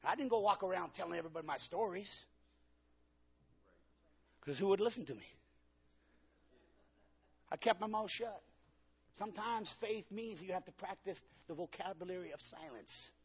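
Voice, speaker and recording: Preacher guy, super husky gravelly voice, a bit high, acting out his story, kinda muffled lo-fi sound. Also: lively intonation, normal speed, long pauses. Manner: dramatic storytelling, acting out his own quotes. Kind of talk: sermon.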